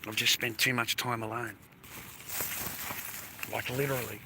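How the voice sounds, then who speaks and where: A man's voice: mid-range voice, level tone, a little slow, creaky, noisy background. An Australian man rambling through a live-stream monologue, swearing constantly and sounding aggrieved, outdoors in an industrial area. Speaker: livestreamer.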